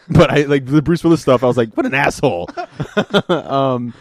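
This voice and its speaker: A man co-hosting a casual podcast, talking in a rambling way with lots of fillers and animated retellings. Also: mid-range voice, unhurried, dry recording, studio quality. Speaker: podcast co-host. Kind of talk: casual chat.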